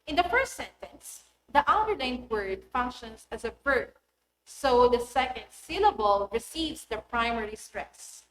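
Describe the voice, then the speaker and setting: A woman's voice: on the high side, animated, unhurried, fairly bright tone, slight background noise. A woman, a teacher giving a recorded classroom lesson and pronouncing example words one by one with careful stress. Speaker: English teacher. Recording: roomy echoey recording.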